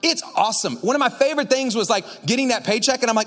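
Male pastor, high voice, lively and chatty preaching, talks straight to the room. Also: quick pace, hardly any pauses. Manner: energetic, chatty, lots of "like" and asides to the crowd. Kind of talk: casual sermon.

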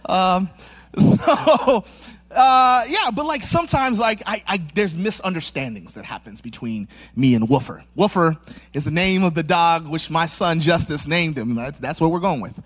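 A male pastor preaches a sermon with a notably high voice. He tells a personal story in a loose, chatty, self-mocking way, full of fillers and restarts. He slips into acted voices as he goes. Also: lively intonation, measured pace, fairly bright tone. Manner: acts out voices in his stories.

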